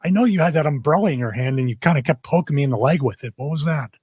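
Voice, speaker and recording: A man's voice: on the high side, lively intonation, very fast, darkish tone, slightly rough, no echo, clean studio sound. A man playing an earnest young male writer who questions his boss with stammered restarts. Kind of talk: comedic improv role-play.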